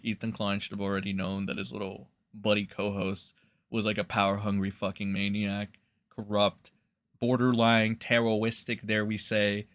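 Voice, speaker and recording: Man, young adult, streamer, angry profane rant, sarcastic mockery, bright tense tone. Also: no room sound, clean studio sound. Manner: profane, sarcastic, mocking in high put-on voices. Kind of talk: angry rant reacting to clips.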